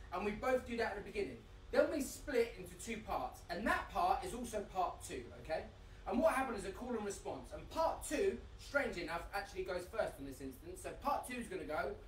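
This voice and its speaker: A man leading a live-streamed dance tutorial, excitable and chatty, reading out viewer comments and breaking into high whoops. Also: echoey room, far from the mic, slight background noise. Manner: bursts into high shouts and whoops. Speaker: dance workshop leader.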